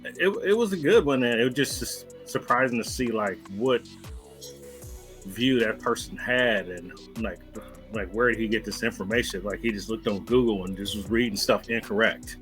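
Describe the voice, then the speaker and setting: A man co-hosting a casual podcast, speaking in a relaxed way and mostly giving short agreeing replies. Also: fairly low pitch, normal speed, faint music behind, low-quality recording. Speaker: podcast co-host.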